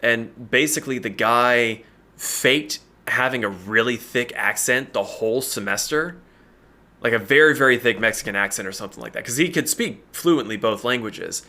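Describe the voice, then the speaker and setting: A man's voice: mid-range voice, normal speed, sharp tone. A man hosting a casual chat podcast, talking in a laid-back, rambling way and laughing often. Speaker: podcast host.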